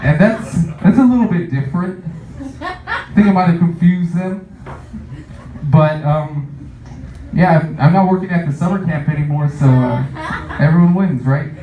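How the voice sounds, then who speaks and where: A man's voice: on the high side, measured pace, pauses often. A young man doing a stand-up comedy set, rambling with lots of fillers and laughing at his own jokes. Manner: rambling, filler-heavy, self-amused. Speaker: stand-up comic. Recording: echoey room, distant muffled mic.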